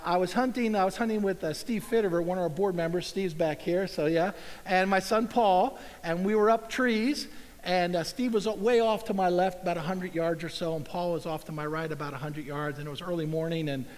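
A middle-aged man holds a live audience with a folksy, animated story, laughing and exclaiming as he goes. His voice sits high for a man. The sound carries the long reverb of a large hall. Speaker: speaker at an event.

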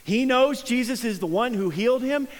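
A man preaching a sermon as a pastor, reading scripture and talking it through earnestly, dropping to a hush for emphasis. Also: extremely high pitch, expressive, normal speed. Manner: earnest, conversational preaching with soft hushed emphasis. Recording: long reverb of a large room.

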